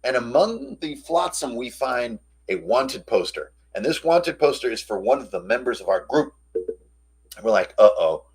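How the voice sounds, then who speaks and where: A man hosting a casual recap of a tabletop game session, telling it in an animated, slangy way. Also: mid-range voice, unhurried, breathy edge. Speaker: host.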